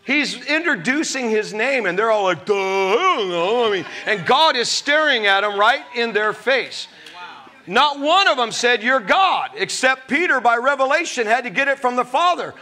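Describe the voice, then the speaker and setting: A middle-aged pastor with a very high-pitched, sharp voice preaches a sermon to his congregation. He laughs often and acts out voices from scripture.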